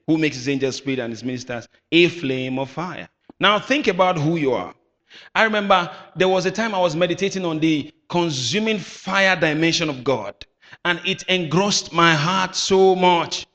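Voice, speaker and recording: A man preaching a sermon with emphatic bursts, shouting at times and calling on the congregation to answer back. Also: a little high. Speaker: pastor. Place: church hall. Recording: echoey hall.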